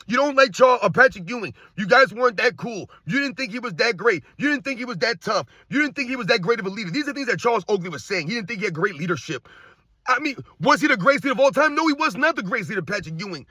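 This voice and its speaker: A man hosting a sports commentary show, ranting in a heated, repetitive way and firing off exasperated rhetorical questions in a husky voice. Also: very high voice, animated, quick pace, bright, forceful tone, no echo.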